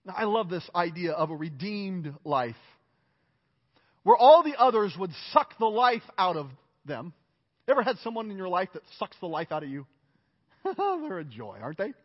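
A man's voice: high-pitched, sing-song, normal speed, slightly rough. A male pastor preaching a sermon in an earnest, emphatic way, repeating his phrases and joking at his own expense. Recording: reverberant hall, dull lo-fi sound.

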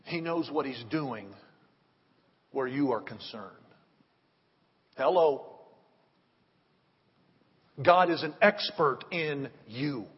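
A man preaching a sermon, swinging between loud emphatic rises and hushed drops. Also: mid-range voice, slow pace, pauses often, husky, big-room sound, dull audio. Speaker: pastor.

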